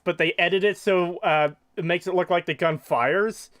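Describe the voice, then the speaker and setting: A young man co-hosting a casual commentary podcast, joking and rambling and quick to laugh. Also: on the high side, lively intonation, a bit bright. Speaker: podcast co-host.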